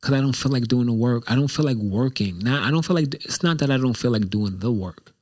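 A man's voice: medium pitch, a little fast, a little mellow. A man hosting his own show, talking in a casual, reflective monologue that rambles and repeats itself candidly. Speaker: show host.

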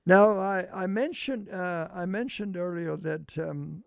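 Gravelly-voiced male radio host. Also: sits high, dry recording, clean studio sound. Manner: halting, rambling announcements. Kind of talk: casual on-air chat with a co-host.

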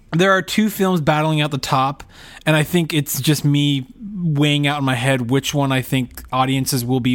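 Quick, animated man co-hosting a chat. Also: on the high side. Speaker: podcast co-host. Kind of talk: casual chat.

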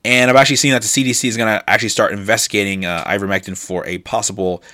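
A man's voice: lowish voice, fairly even intonation, rapid-fire. A man hosting a solo commentary show, ranting and repeating himself as he reads and reacts to news items. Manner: ranting, repetitive, rising to loud indignant peaks.

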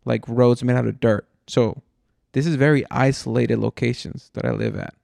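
A man's voice: mid-range voice, normal speed, creaky, darkish tone, no echo, clean studio sound. A man from Mexico, a podcast host, telling a rambling story in casual chat, swearing and saying "dude" a lot. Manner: rambling and profane, says "dude" often.

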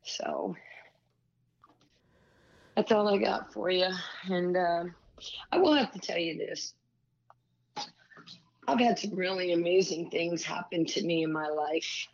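A woman coach talking as an interview guest, halting and restarting often as she speaks. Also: on the low side, creaky. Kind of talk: casual interview chat. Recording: dull lo-fi sound.

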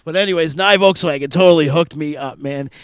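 A man's voice: a little high, a little fast, clean tone, no room sound. Hyped-up casual male radio host. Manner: energetic, hype, loose and joking. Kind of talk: casual radio show chat.

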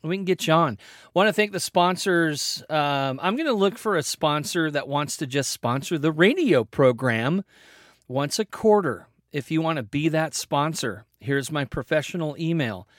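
A man hosting his own podcast solo, upbeat and rambling, with playful jumps in pitch and a chatty, energetic manner. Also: moderate pace, no echo, studio quality. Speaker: podcast host.

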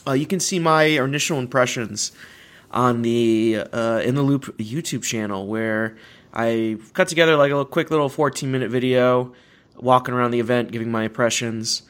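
A young man hosts a casual chat podcast. He rambles, corrects himself mid-sentence and laughs often at his own stories. His voice sits at a middling pitch. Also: moderate pace, fairly bright tone. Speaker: podcast host.

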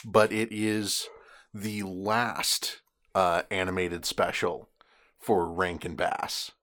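A man co-hosting a casual podcast, sharing background trivia in a relaxed way. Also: low-pitched, slow pace. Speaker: podcast co-host.

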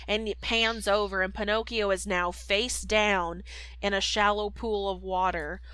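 A woman's voice: medium pitch, steady tone, a little slow, a bit bright, clean tone, no echo, rough recording. A woman co-hosting a podcast, casually retelling a film plot with lots of fillers. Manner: chatty, lots of fillers and voices. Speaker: podcast co-host. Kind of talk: casual movie recap.

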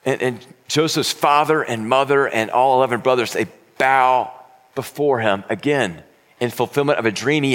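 A man's voice: medium pitch, fairly bright tone. A man preaching a sermon, retelling a scripture story in an earnest way with frequent stammered restarts. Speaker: pastor.

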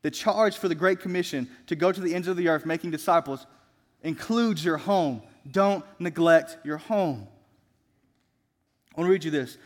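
A young male student pastor delivers an earnest, exhorting sermon. His voice sits high for a man, and he slows down to lean on key phrases. A long reverb from a large church sanctuary trails his words.

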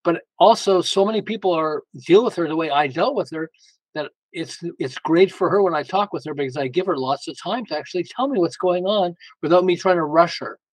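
An older man on a podcast recounts family stories casually, his voice a little high and his pace a little fast. He brings family dialogue to life in an animated way, often chuckling. There's no room sound, but the audio quality is poor.

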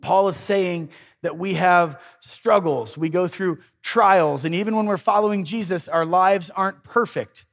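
A man's voice: high-pitched, unhurried, vocal fry, a bit bright. A man preaching a sermon in a conversational way, with dry irony and acted-out prayers. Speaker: pastor.

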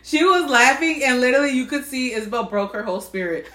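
A woman with a slightly high voice chats casually and adds details to a shared story. She swears now and then. The room is echoey. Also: expressive, quick pace, bright, forceful tone, a little hiss or hum. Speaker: podcast co-host. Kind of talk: casual chat.

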